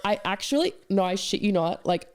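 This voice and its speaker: A woman's voice: medium pitch, animated, fairly quick, clean tone. A woman, a podcast guest, telling a dating story in chatty casual talk full of fillers. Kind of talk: casual chat.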